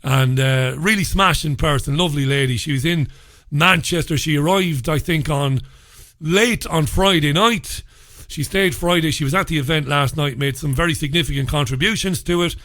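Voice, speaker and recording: A man's voice: fairly high pitch, moderate pace, no echo, studio quality. A man hosting a casual radio show, greeting listeners by name, getting over a head cold. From England. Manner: chatty, warm greetings to listeners, swears mildly. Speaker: radio host.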